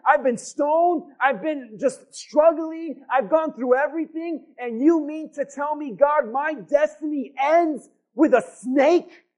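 Man putting on a weary, pleading apostle. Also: very high-pitched. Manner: exasperated questioning of God. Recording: dull lo-fi sound.

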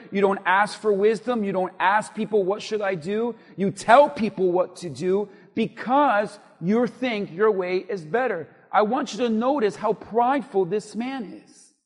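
High-voiced preacher in a reverberant hall. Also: male voice. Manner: emphatic, repetitive preaching cadence, rising to near-shouts. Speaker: pastor. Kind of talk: sermon.

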